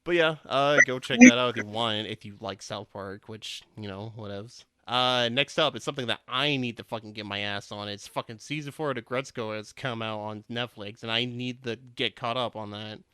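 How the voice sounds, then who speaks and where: A man's voice: medium pitch, moderate pace, few pauses, a bit bright, clean tone, no room sound. A young man hosting a casual podcast, rambling with lots of swearing and restarts. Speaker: podcast host.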